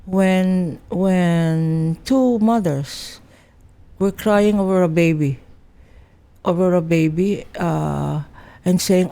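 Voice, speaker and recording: Woman, older, from the Philippines, lawyer guest, emphatic, code-switching, mellow voice. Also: on the low side, slow. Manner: emphatic, mixes English with Filipino. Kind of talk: animated interview talk.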